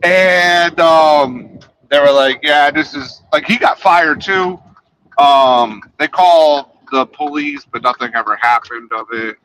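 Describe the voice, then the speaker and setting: Bright-voiced rambling man. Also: on the high side, slow, smooth, rough recording. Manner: rambling, trails off quietly at ends of sentences, many fillers. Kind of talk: casual chat.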